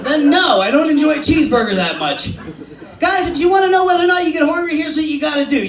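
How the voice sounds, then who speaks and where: A man's voice: extremely high pitch, pushed and bright. A man performing a crude stand-up set on a comedy club stage and acting as emcee, with punchy delivery. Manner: crude, punchy joke delivery with acted-out quotes. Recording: roomy club sound from a distance.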